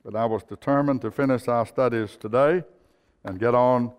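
Male pastor, earnest storyteller, smooth voice, long church reverb. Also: medium pitch, normal speed. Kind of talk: sermon.

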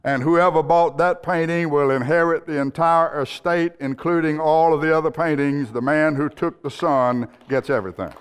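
A man's voice: on the high side, moderate pace, hardly any pauses, clear, resonant tone, close to an everyday voice. A man playing an insistent auctioneer. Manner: insistent, formal. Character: persistent male auctioneer. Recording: long hall reverb.

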